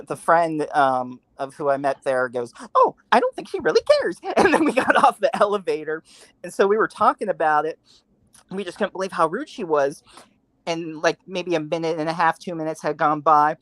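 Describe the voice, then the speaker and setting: Male panelist, chatty raconteur; animated, quote-heavy delivery; dry close mic. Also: fairly high pitch, no room sound. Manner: animated storyteller, acts out quotes. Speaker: podcast panelist. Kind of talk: casual storytelling chat.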